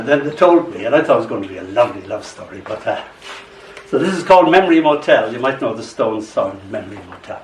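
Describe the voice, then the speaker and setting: An older man reading his own poems aloud at a live bookshop event, in a soft storytelling way. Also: mid-range voice, lively intonation, fast, a little hiss or hum. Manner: soft, storytelling delivery with acted voices. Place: small bookshop, indoors. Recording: roomy bookshop sound from a distance.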